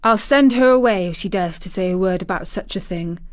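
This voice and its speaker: A woman's voice: mid-range voice, fairly quick, dry recording, natural voice. Woman reading as a spoiled imperious boy. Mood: commanding. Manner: commanding, grand.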